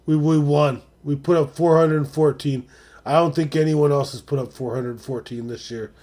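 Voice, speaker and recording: A man hosting a live stream, talking casually and profanely, dropping to mutters and then rising to excited shouts. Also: on the high side, normal speed.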